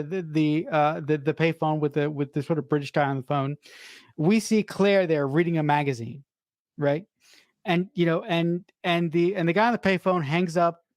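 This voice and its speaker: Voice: medium pitch, darkish tone, no room sound, clean studio sound. A podcast host recapping a film scene by scene in a rambling, casual way, with many restarts.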